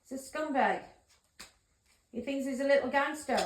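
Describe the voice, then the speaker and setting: A woman's voice: high-pitched, moderate pace, long pauses, echoey room, slight background noise, low-quality recording. A woman giving a tarot reading to her viewers, talking in an insistent, repetitive, accusing way. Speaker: tarot reader.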